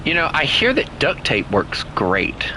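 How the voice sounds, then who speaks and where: A man's voice: on the high side, huge pitch swings, measured pace, background noise. A man with a Southern US accent streaming a game, chatting casually and teasing his co-players in a playful way. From Southern United States. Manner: playful, teasing, laughs often. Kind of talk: casual gameplay chat with co-players.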